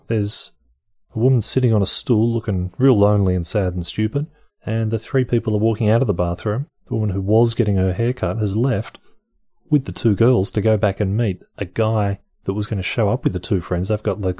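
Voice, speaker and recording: Male host reading articles aloud with wry offhand jokes; deep, dark voice recorded dry and close. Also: brisk, no echo. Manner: dry, wry, mildly profane commentary. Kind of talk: casual reading with offhand comedic asides.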